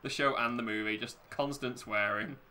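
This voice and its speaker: A man's voice: medium pitch, steady tone, moderate pace, pushed and bright. A man playing a racing game, rambling, laughing often and swearing a lot. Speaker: gamer commentating his play. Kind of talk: casual gaming chat.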